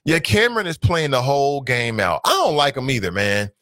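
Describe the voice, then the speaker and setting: A man's voice: mid-range voice, fairly quick, no room sound. A man in his thirties hosting a talk radio show, reading listener comments aloud and reacting with laughter and opinions. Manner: animated, laughing, mocks voices.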